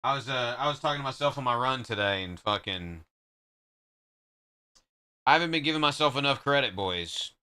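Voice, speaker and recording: A man's voice: mid-range voice, expressive, moderate pace, long pauses, sharp tone, clear, resonant tone. A man streaming live, trading joking, profane banter with his chat in casual talk.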